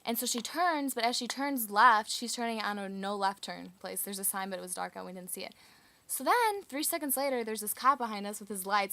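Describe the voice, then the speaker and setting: Woman, casual storytelling, chatty, many "like" fillers, mid-range pitch. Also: a little fast, bright, forceful tone.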